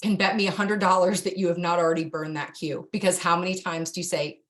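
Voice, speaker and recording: A woman's voice: steady tone, fast, a bit bright. A middle-aged woman giving a casual, direct online dog-training lesson, talking straight to her students. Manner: chatty, direct, jumps to a high sing-song for cue words. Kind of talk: online course instruction.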